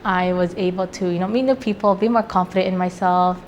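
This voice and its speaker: A woman's voice: on the low side, fairly even intonation, a little fast, a little hiss or hum. A young woman, a scholarship winner, giving a reflective casual testimonial.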